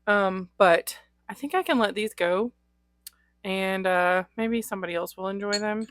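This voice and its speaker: A woman's voice: medium pitch, measured pace, fairly bright tone, no echo. A woman vlogging about her fountain pen inks in a casual, chatty way, with lots of ums and small laughs. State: recovering from a cold. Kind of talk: casual show-and-tell vlog.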